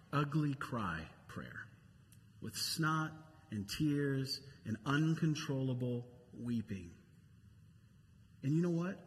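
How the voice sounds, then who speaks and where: A man's voice: a little high, in a large hall, slight background noise. A male pastor preaching a sermon in a church auditorium, talking conversationally and repeating key phrases for emphasis.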